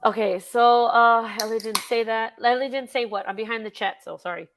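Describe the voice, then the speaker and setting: A woman's voice: a little high, fairly even intonation, a little fast, slight background noise. A woman hosting a casual true-crime livestream, chatting with a guest, reading out chat and swearing freely. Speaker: livestream host.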